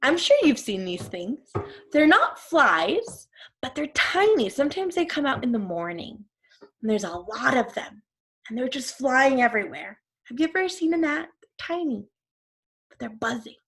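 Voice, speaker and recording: A woman's voice: high-pitched, big pitch swings, normal speed, a bit bright. A woman teacher reading a storybook to her class, stopping to explain words and ask questions.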